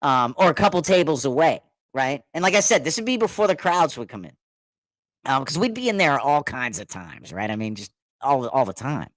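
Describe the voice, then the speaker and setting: A middle-aged man telling a story in casual chat, animated, laughing often and acting out what others said. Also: medium pitch, brisk, dry recording. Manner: animated, laughing, repeats words, acts out quotes.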